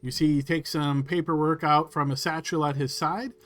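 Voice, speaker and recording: A man runs a tabletop game and narrates the scene in a voice pitched a little high. He is descriptive and unhurried, with small hesitations. His tone stays easy and steady. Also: soft background music. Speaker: game master.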